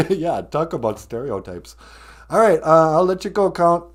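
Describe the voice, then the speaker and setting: Joking live stream host. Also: male voice, a little high, unhurried. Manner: joking, laughs often, deadpan asides.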